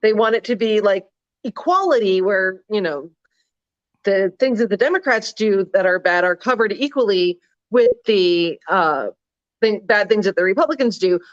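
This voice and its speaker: A woman's voice: mid-range voice, animated, normal speed, dry recording, muffled recording. A woman co-hosting a casual political chat, sarcastic and prone to trailing off and restarting sentences. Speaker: political blog writer and co-host.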